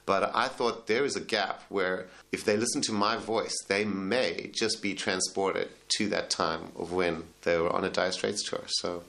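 Hesitant man, low voice. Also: fairly even intonation, measured pace, creaky, hardly any pauses, a bit bright. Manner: hesitant, many fillers and restarts. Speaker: tribute band leader and singer. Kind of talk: casual interview answers.

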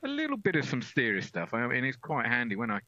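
A man's voice: medium pitch, huge pitch swings, fast talker, bright, forceful tone, no echo. A middle-aged man with an English accent, chatting as a radio guest about amateur acting, self-deprecating and full of restarts. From England. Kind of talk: casual radio chat. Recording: dull lo-fi radio sound.

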